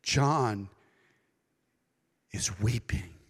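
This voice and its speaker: A man preaching a sermon as pastor, dramatic and expressive, now and then acting out the voices of people he quotes. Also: lowish voice, extremely slow, husky, in a large hall. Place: church sanctuary.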